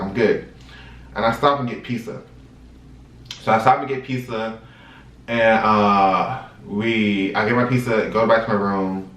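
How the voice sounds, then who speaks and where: A man in his twenties hosting a vlog, telling a story in a chatty, animated way and talking straight to his viewers. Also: fairly low pitch. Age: 20s. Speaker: vlog host. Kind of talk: casual storytime monologue. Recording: roomy sound from a distant mic.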